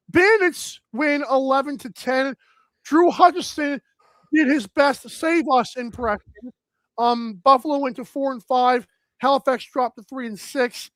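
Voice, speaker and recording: A high-pitched man hosts a live sports talk show with loose, energetic chatter and plenty of "like" and "um". The room is dry and close, with no echo. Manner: energetic, rambling, many fillers.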